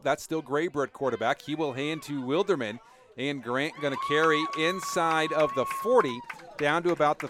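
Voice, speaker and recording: A man calling a football game play-by-play on radio, rising to excited shouts on big plays. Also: on the high side. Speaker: play-by-play announcer.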